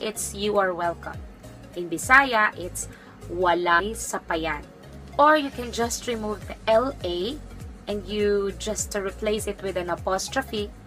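Female language teacher; unhurried, deliberate delivery with lots of repetition; faint music underneath. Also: mid-range voice, fairly bright tone, rough recording. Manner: slow, careful, repeats each phrase. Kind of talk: online language lesson.

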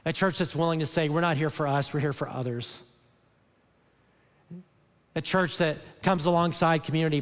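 A pastor preaching a sermon in earnest, repeating and restarting words, then rising into emphatic bursts. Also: male voice, fairly high pitch. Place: large church auditorium. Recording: long hall reverb.

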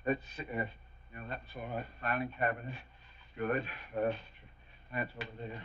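An actor playing a pompous, blustering middle-aged bank president in a 1960s sitcom. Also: male voice, mid-range voice, little pitch movement, normal speed, natural voice. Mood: fussy. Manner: blustering, stammering when cowed. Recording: dull 1960s TV soundtrack.

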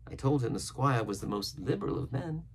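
A woman reading a classic adventure story aloud as narrator, in a lively, expressive way. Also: very deep voice, brisk, vocal fry, husky. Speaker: reader. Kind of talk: read-along storybook narration.

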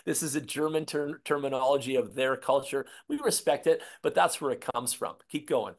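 A man's voice: mid-range voice, moderate pace, vocal fry. A man from Canada co-hosting an online commentary show, talking in a combative, repetitive, ranting way. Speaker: co-host.

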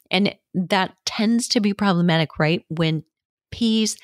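A woman's voice: mid-range voice, slow pace, dry recording. Upbeat woman coaching into a dry mic. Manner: upbeat, coaching, demonstrates warm-ups. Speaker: podcast host and fitness educator. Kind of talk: solo podcast advice. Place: home studio, seated. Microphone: studio mic.

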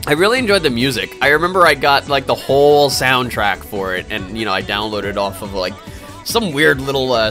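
Speaking in a fairly low, pushed and bright voice, a young game streamer chats casually with his live audience. His answers to viewer questions ramble and hesitate, full of fillers and restarts, while faint game music plays.

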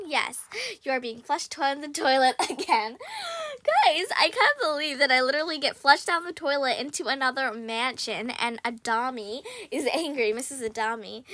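A young female gaming host narrating her game play, excitable, squealing and shouting when in danger. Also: sits high, no room sound. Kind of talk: game commentary.

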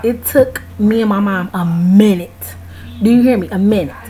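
An American woman in her early twenties, with a warm mid-range voice at normal speed, rants to camera in a casual vlog, outraged and emphatic as she addresses viewers directly. The recording is rough.

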